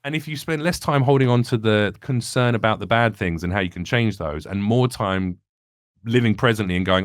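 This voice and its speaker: English guy on a podcast, kinda low voice, rambly and reflective, dry close sound. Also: lively intonation, brisk, dry recording. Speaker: comedian guest. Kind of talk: candid podcast conversation.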